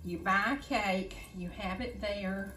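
A woman's voice: mid-range voice, slow pace, sharp tone. An older woman hosts a casual cooking demo, coaxing her grandchild in a sing-song, baby-talk manner. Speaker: host. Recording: echoey kitchen, faint noise.

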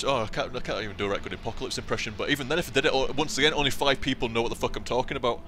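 A man's voice: mid-range voice, rapid-fire, few pauses, bright, forceful tone, a little hiss or hum. A young man commentating a let's play and reading game text aloud, with a sweary, rambling way of talking. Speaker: gameplay commentator.

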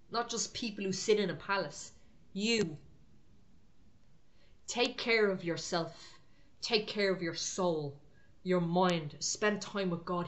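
A woman preaching an encouraging prophetic sermon to online viewers, talking in short, repeated exhortations. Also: lowish voice.

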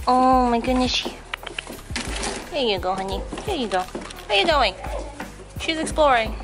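A young woman vlogging in a casual, giddy way, swinging from hushed asides to excited squeals. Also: sits high, a little slow, pauses often, over music.

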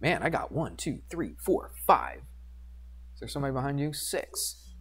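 Animated male math teacher in class. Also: medium pitch, normal speed, breathy edge. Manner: animated, teasing, coaxing questions. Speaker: high school math teacher. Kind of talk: classroom lecture.

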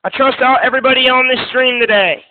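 A man hosting a comedic livestream hotline, breaking into frantic shouting outbursts between soft, pleading stretches. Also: extremely high pitch, fairly even intonation, fast talker, slight background noise. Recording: tinny phone-quality lo-fi audio.

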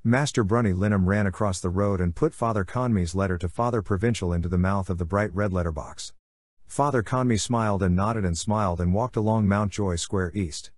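Reading a novel aloud as an audiobook narrator, a man with a fairly low voice keeps a measured, unhurried pace through the scripted literary text. The sound is dry and close, with no room around it.

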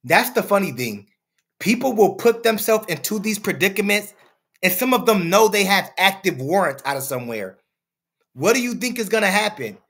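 A man's voice: high voice, very animated, moderate pace, fairly bright tone. A man hosting a commentary channel, lecturing his audience in a preachy, repetitive way. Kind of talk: opinion commentary over footage.

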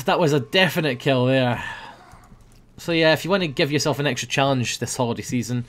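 A young man giving playful commentary over a video game, breaking into loud high yells when the action heats up. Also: fairly quick, slight background noise. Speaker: gaming video host. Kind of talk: casual gameplay commentary.

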